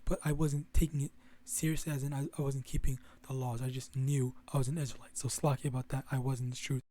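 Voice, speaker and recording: A man's voice: medium pitch, warm tone. A young man talking casually to his viewers in a rambling way, with many restarts and some swearing. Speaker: religious vlogger. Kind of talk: casual monologue to camera.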